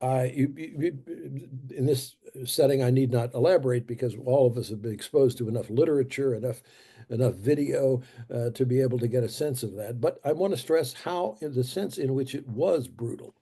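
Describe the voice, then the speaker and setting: Husky, dark-voiced male lecturer. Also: mid-range voice. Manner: deliberate, halting, repeats key phrases for emphasis. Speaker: guest lecturer. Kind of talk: history lecture. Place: church.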